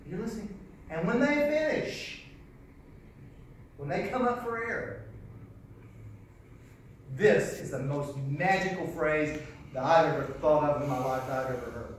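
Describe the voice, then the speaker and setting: A man teaching a live sales seminar in a folksy, animated way, repeating his key phrases. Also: high-pitched, moderate pace, long pauses, slight background noise. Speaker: sales trainer. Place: large echoey hall. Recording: echoey hall, voice from far off.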